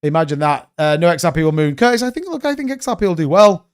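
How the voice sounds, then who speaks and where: Male livestream host, casual and blunt, a bit high-pitched, smooth clear voice. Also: quick pace. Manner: rambling, blunt, swears freely.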